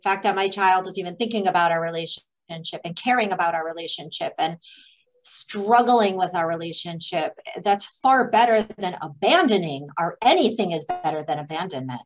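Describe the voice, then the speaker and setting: A woman guest and mother responding thoughtfully and in a measured way in an interview. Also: on the low side, expressive, low-quality recording. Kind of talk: interview conversation.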